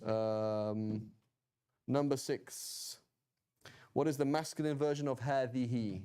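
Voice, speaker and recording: A man at a middle pitch teaches a relaxed, chatty class. He keeps checking in with his listeners and slips in easygoing jokes as he explains. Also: slow, smooth. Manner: chatty, checks in with "right?" and "okay?"; joking asides. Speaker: Quranic Arabic teacher. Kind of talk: informal class lecture.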